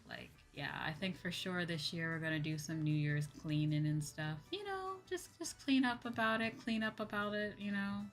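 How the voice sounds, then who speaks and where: A woman streamer talks casually to her chat in a fairly low voice, rambling from one thought to the next and repeating phrases with plenty of fillers. Soft music plays faintly underneath. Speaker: VTuber streamer.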